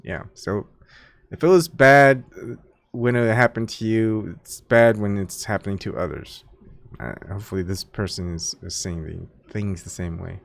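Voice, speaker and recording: A man from Texas with a fairly low voice reads an article aloud and stops to comment on it. He sounds casual and musing, and he chuckles now and then as he thinks out loud between the passages. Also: expressive, moderate pace, vocal fry. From Houston, Texas. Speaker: commentary host.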